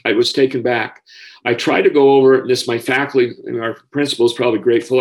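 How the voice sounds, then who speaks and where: A middle-aged man, a school counselor, telling a personal story in an earnest, emotional way with halting restarts. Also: mid-range voice.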